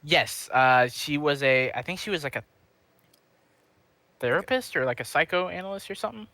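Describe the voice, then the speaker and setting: Bright-voiced chatty podcast guy. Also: a little high, expressive, normal speed, no room sound. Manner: chatty, filler-heavy with lots of likes and ums. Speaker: podcast co-host. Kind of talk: casual chat about a TV show.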